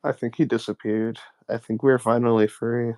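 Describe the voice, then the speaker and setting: A young man streaming, chatting casually with friends in a deadpan, dry teasing manner. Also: medium pitch, moderate pace, no echo.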